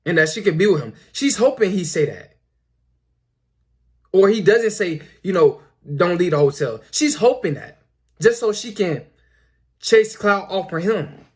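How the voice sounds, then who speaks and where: Young male host, high voice, preachy and repetitive, filler-heavy casual monologue. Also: animated, measured pace, pauses often, a little mellow, slightly rough. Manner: repetitive, preachy, lots of "you know" fillers. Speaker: commentary video host.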